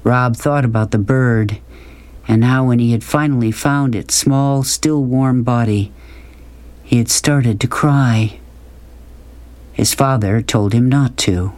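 A man narrating an audiobook in a calm, even storytelling voice. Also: medium pitch, takes it slowly. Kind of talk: scripted narration.

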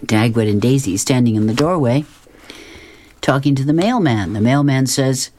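A man's voice: medium pitch, expressive, normal speed, darkish tone. A man reading comic strips aloud, describing each panel and chuckling often. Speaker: reader.

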